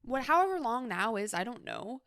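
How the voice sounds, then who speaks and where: A woman's voice: a little high, sing-song, normal speed, a bit bright, no room sound, studio quality. A young adult woman hosting a solo advice podcast, talking casually and reassuringly with a lot of "like" fillers. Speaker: podcast host.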